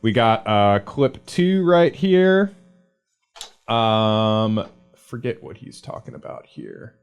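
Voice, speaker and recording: Relaxed male co-host. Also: lowish voice, takes it slowly, vocal fry, clean tone. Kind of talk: casual political chat.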